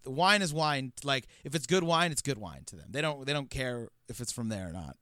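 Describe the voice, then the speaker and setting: A man with an American accent co-hosting a casual film podcast, telling relaxed anecdotes. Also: mid-range voice, fairly quick, no echo, studio quality. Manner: relaxed storyteller, sharing anecdotes. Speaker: podcast co-host.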